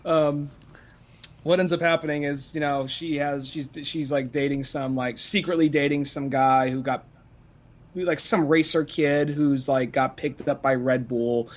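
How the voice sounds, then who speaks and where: Young male podcast co-host, slightly high voice, loose rambling delivery with constant swearing and restarts. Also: fairly even intonation, a little slow. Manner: rambling, profane, with frequent fillers and restarts. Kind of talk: casual chat.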